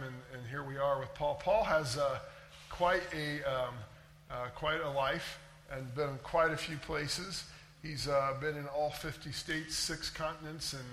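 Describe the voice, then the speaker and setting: A man's voice: a little high, pushed and bright. A man hosting a casual interview, asking questions in a friendly, easygoing way. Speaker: host. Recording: echoey room with faint ambient hum.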